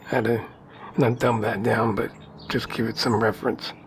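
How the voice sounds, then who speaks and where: A man with a mid-pitched voice chatting loosely on a podcast, rambling and often laughing. There is faint hiss behind him. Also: level tone, moderate pace. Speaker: podcast co-host. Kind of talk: casual conversation.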